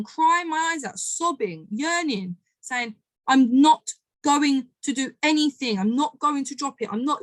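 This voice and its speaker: A woman's voice: on the high side, no room sound. A woman giving a motivational coaching talk, emphatic and repetitive, who swears freely. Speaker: manifestation coach.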